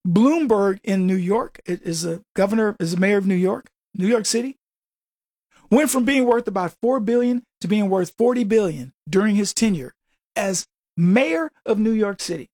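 A man's voice: high-pitched, normal speed, darkish tone, no echo, studio quality. A man hosting a radio show, delivering a combative, sarcastic political monologue full of rhetorical questions.

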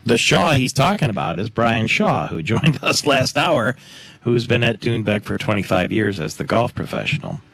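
A man's voice: mid-range voice, sing-song, normal speed, vocal fry, a bit bright, no echo. A man hosting a talk show, chatting casually and joking about the clips he plays. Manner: chatty, joking, laughs at his own asides. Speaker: radio host.

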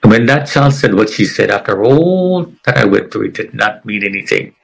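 A middle-aged man giving an earnest, emotional personal testimony as an interview guest, with dramatic pauses. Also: fairly low pitch, expressive, creaky, husky, rough recording.

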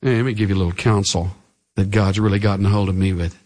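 A middle-aged man preaching a sermon as pastor, earnest and pleading, his voice swinging from raised highs down to hushed lows. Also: fairly even intonation, fast talker.

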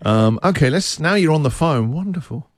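A male radio host with a fairly high, bouncing voice that rises and falls a lot. He chats with callers in a teasing, upbeat way and laughs easily. The studio sound is dry and close. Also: animated, moderate pace, dry recording. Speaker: radio breakfast show host. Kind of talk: lively radio banter with callers.

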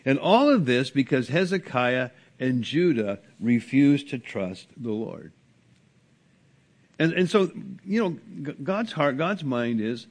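A man preaching an earnest sermon as a pastor, with sudden rises and drops in pitch and loudness. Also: very animated, takes it slowly. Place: church sanctuary.

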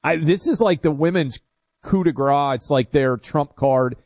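A man hosting a call-in radio show, talking in a brash, joking, quick way. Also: fairly high pitch, a little mellow, dry recording, clean studio sound. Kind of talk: casual talk radio banter. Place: radio studio.

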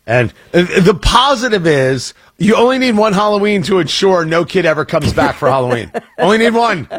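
Husky, high-pitched joking radio host man. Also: moderate pace. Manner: joking, animated, self-interrupting. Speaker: radio talk show host. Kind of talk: casual radio chat.

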